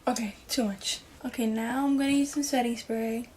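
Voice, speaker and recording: A woman giving a casual makeup tutorial in a chatty, rambling way, with soft muttered asides. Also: a little high, fairly even intonation, normal speed, slight background noise. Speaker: beauty vlogger.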